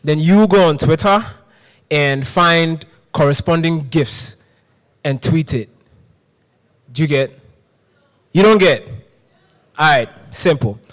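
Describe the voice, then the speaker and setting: A young man from Ghana hosting a conference game session, energetic and joking, talking to a live audience. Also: a little high, long reverb tail. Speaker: session host. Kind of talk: hyped conference game host. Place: conference hall.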